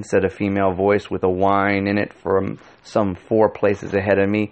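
A man giving a measured, scripted audiobook narration. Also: deep voice, monotone.

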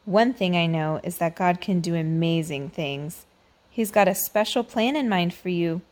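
Woman reader doing an upbeat, encouraging mentor, loud and warm-hearted, storybook read-aloud. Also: on the low side, normal speed, close to an everyday voice. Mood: reassuring. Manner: enthusiastic, reassuring. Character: cheerful encouraging female mentor.

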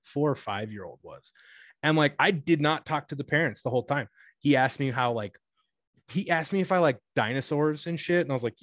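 A young man in his twenties telling stories about his cashier work in a rambling, casual way, full of "like" and restarts, and acting out the people he quotes with sudden high-pitched bursts and laughs. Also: fairly bright tone, no echo. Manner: rambling, many "like" fillers and self-corrections. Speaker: retail cashier. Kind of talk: casual storytelling chat.

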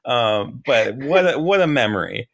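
A man hosting a casual podcast chat, laughing often and getting excited, then slowing into a guided visualization. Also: medium pitch. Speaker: podcast host.

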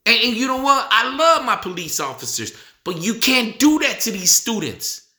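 Preaching man, bright, echoey room. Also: very high-pitched, big pitch swings, normal speed. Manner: repetitive, rhetorical questions, rising to near shouting. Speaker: speaker addressing the nation. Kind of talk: impassioned preaching monologue.

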